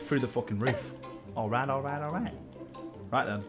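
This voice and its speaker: A man's voice: medium pitch, normal speed, music in the background. A man hosting a gaming channel, chatting casually over multiplayer gameplay, swearing a lot and laughing often.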